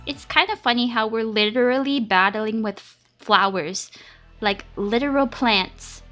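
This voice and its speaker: Woman, gaming YouTuber, casual chatty commentary, fillers, higher voice, faint background music. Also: unhurried, sharp tone. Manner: chatty, many fillers, thinking aloud. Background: faint game music.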